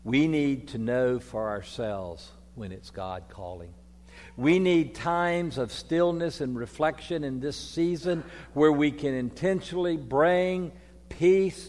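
An older man, preaching a folksy sermon as priest, moving from quiet reflection to loud storytelling. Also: medium pitch. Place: church. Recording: long reverb of a church hall.

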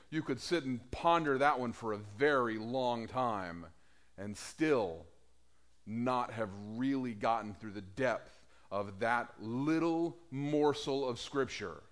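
A man preaching a sermon in a conversational way, asking the congregation questions. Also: mid-range voice.

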